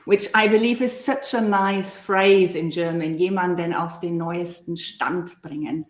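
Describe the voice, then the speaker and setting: A woman with a fairly low voice speaks slowly and deliberately as a German language coach. She explains each example phrase with patience. Her voice sounds roomy and echoey, picked up over a video call. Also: fairly even intonation. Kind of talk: casual online discussion. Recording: echoey room.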